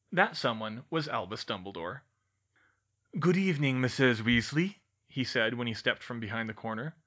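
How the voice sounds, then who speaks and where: A man narrating a fan-fiction audiobook in a steady, clear manner. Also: medium pitch. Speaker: audiobook reader.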